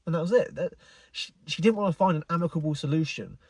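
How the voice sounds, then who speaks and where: A man's voice: fairly high pitch, quick pace, a little mellow, husky, no room sound. A young man telling a frustrated story to camera, incredulous and rambling. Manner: exasperated, incredulous, rambling with many "like"s. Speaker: car enthusiast vlogger. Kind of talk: casual storytelling rant.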